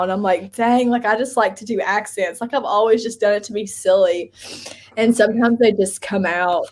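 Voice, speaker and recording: A woman co-hosting a casual livestream, chatty and giggly, rambling through stories with lots of laughter. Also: on the high side. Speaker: livestream co-host. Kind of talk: casual live chat.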